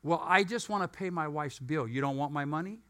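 A man's voice: fairly high pitch, a little fast. A man preaching a sermon, telling a folksy story and acting out both sides of the conversation with joking asides. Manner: animated storyteller, acts out both sides of dialogue. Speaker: pastor.

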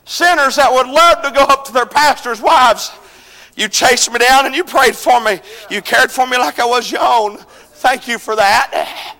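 A man preaching a revival sermon, swinging between shouted, chanted lines and quieter pleading passages. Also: unhurried. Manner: shouting, chanting preaching with sudden drops to low intensity. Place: church. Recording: echoey church hall with congregation.

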